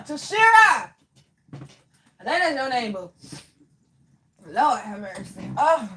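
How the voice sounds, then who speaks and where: A woman giving a live medium reading, talking casually with spirits, laughing often and swinging between loud outbursts and soft murmurs. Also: high-pitched, sing-song, slow, pauses often, slight background noise. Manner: casual, slangy, chatty.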